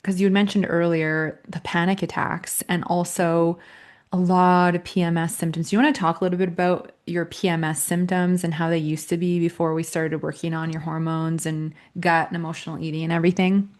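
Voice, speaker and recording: A woman's voice: on the low side, level tone, brisk. A woman host and health coach interviewing her client, speaking in an encouraging, affirming way. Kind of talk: casual interview talk.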